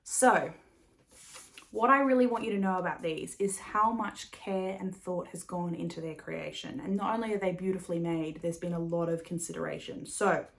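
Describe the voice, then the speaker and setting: A woman's voice: on the low side, normal speed, vocal fry. A woman hosting a knitting podcast in a casual, rambling chat, laughing often and swearing now and then. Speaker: podcast host.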